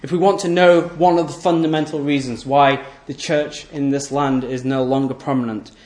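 A man preaching a sermon, emphatic and repetitive, asking rhetorical questions and letting his voice sink low and quiet at the ends of phrases. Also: steady tone, normal speed, roomy sound. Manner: voice often drops low and soft at the end of phrases.

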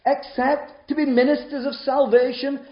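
A man preaching a sermon, emphatic and full of rhetorical questions, with sharp rises and drops in loudness. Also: very high-pitched, flat delivery, normal speed. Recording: roomy, dull church sound.

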